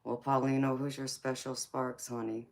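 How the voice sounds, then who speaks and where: A woman's voice: very deep voice, little pitch movement, normal speed. A woman with a Georgia accent reading tarot on a livestream, chatting with viewers and calling them honey and sweetheart. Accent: Southern US, Georgia. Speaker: tarot reader hosting a livestream. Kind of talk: casual livestream chat.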